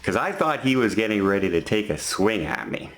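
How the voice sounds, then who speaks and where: A man's voice: lowish voice, big pitch swings, fairly quick. A man in his fifties casually telling a story to camera from a hotel, walking through what happened step by step. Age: 50s. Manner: chatty, retelling an incident step by step. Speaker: vlogger.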